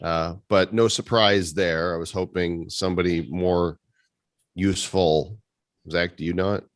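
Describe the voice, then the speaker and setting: Deep-voiced man hosting a casual online meetup. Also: steady tone, measured pace, no echo. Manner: joking, teasing, sarcastic banter. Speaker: host. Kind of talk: casual community meeting chat.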